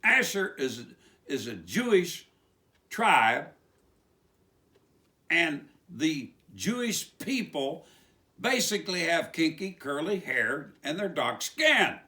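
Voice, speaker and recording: Male preacher, West Virginia accent, rambling sermon with rhetorical questions, high and forceful. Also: sing-song, slow pace, long pauses. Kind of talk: informal sermon monologue.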